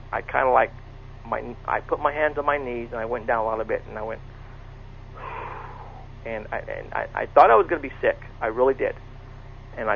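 Over a tinny phone line with some faint noise, a middle-aged man in a gravelly mid-range voice tells the story of a personal encounter. He's earnest, restarting sentences and repeating himself frequently.

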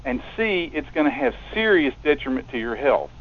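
An earnest man appears as a radio guest on a thin, narrow telephone line, chatting casually while stammering and repeating words. His voice is fairly high, very animated, and moderately paced.

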